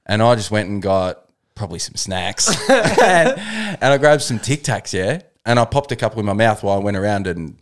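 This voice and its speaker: A young Australian man co-hosting a podcast, telling stories in a relaxed way, swearing freely and laughing often. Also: on the low side, normal speed. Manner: laid-back storytelling, swears a lot, laughs often. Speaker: podcast co-host. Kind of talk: casual chat.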